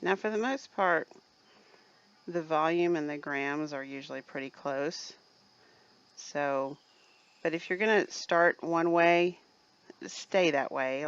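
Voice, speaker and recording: Slow and smooth, with a low voice and long pauses, this co-host talks viewers through mixing a recipe one step at a time. Her casual instructional chat addresses the audience as "people," and the sound is lo-fi.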